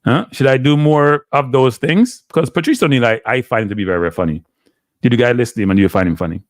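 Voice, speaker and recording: A man with a Jamaican accent hosts a live stream and talks to his chat in a loose, rambling way, sounding exasperated and drifting in and out of patois. His voice sits at a middling pitch, and the recording is close and dry. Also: fast, dry recording. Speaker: live show host.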